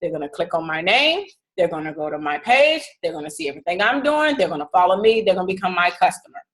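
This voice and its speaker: Talking fast and very animatedly, a fitness business team leader coaches her team casually and directly, repeatedly asking "okay?" to make sure they follow. Her voice is fairly low with a fairly bright tone, and the audio is poor.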